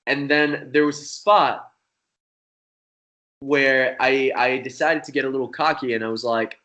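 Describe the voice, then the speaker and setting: A man's voice: mid-range voice, unhurried. A young man, a magician guest, telling a story in a casual, rambling way and swearing freely. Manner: profane, rambling, animated.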